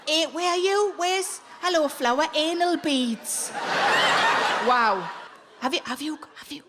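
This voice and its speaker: High-voiced sweary woman comedian on stage. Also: expressive, slow pace. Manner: blunt, sweary, chatty crowd work. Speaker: stand-up comedian. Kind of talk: live stand-up with audience banter. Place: large theatre on stage. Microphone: handheld stage microphone. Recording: loud crowd noise from live show. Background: audience laughter.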